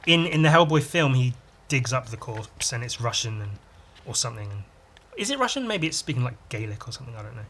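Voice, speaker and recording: A man's voice: mid-range voice, very animated, fast talker, a bit bright, slightly rough. A man hosting a podcast, chatting casually and enthusiastically while reading a comic and adding his own sound effects. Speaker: podcast host.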